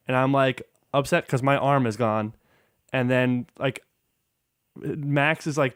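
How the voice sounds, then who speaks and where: A man's voice: mid-range voice, clean tone, no room sound, studio quality. A man joining a casual podcast chat by video call, earnest and a bit hesitant.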